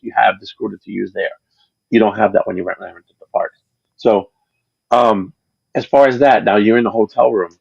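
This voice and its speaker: Gravelly, husky man telling rambling stories. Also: mid-range voice, no echo, lo-fi sound. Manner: rambling, chatty storyteller with frequent restarts. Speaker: channel creator, interview guest. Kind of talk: casual chat on a livestream.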